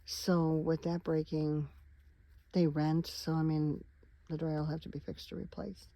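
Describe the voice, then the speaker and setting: Tired, gravelly-voiced woman chatting from her van. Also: low voice, little pitch movement, measured pace, warm tone, no echo, rough recording. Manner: chatty, wandering, talks straight to viewers. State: tired, yawning. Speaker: van life vlogger. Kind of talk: casual rambling vlog chat. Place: inside her parked van at night.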